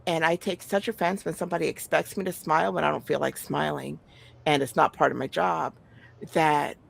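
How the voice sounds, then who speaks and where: A woman's voice: low voice, fairly even intonation, a little fast, creaky, slightly rough. A middle-aged woman talking candidly in casual chat, blunt and profane, with frequent sighs and restarts.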